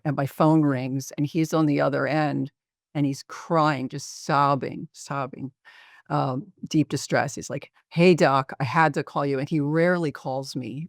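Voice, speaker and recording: A middle-aged man with a slightly high, gravelly voice presents a clinical case over a video call. He talks in a measured, reflective way, pausing often to find his words. The sound is dry and close. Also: a little mellow, dry recording.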